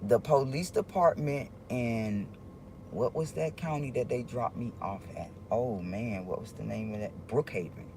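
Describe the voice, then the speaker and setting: Man, mid pitch, casual livestream talk: rambling, halting, confiding with viewers, faint background hum. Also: creaky, darkish tone. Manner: rambling, halting, with many restarts; earnest, confiding tone addressing viewers.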